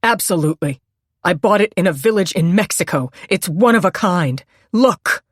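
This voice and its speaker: A woman narrator voicing a desperate father who shouts in frantic bursts. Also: lowish voice, lively intonation, normal speed, no room sound, clean studio sound.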